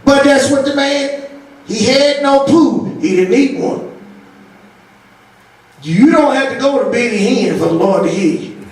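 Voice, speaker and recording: A woman pastor preaching a sermon with humor and sudden shouts. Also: high voice, expressive, a little slow, pauses often. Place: church. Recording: echoey church from a distance.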